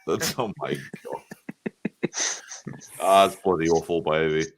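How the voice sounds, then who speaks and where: A man's voice: extremely low pitch, measured pace. A man joining a live stream, teasing and bantering in casual chat.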